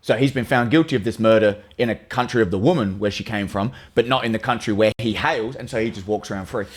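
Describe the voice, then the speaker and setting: A man's voice: on the low side, fast, breathy edge. Rambling man, casual chat. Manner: rambling, profane banter. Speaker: podcast guest.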